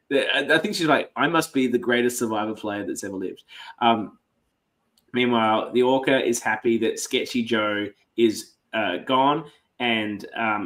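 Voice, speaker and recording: A man's voice: mid-range voice, fairly bright tone. A man co-hosting a podcast, chatting casually through a reality show recap, swearing freely and restarting his sentences. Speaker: podcast co-host.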